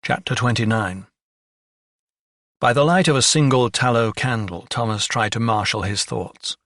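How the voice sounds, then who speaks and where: Bright, dry-voiced male narrator. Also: medium pitch, moderate pace, no echo. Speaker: audiobook narrator. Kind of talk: scripted narration.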